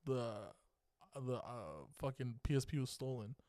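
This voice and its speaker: A young Californian man co-hosts a podcast, telling a rambling story full of profanity while laughing through the casual chat. His medium-pitched voice is expressive, unhurried, and mellow. The recording is dry, with clean studio sound.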